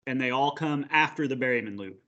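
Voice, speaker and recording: A man co-hosting a podcast, recounting at length in a rambling, relaxed way. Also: mid-range voice, brisk, muffled recording. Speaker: podcast co-host. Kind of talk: casual chat.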